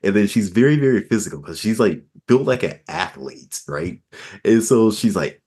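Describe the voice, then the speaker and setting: A man hosting a casual adult podcast, telling stories with lots of laughter and squeaky put-on voices. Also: normal speed, breathy edge. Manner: animated storyteller, laughs and jumps into high-pitched voices. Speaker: podcast host.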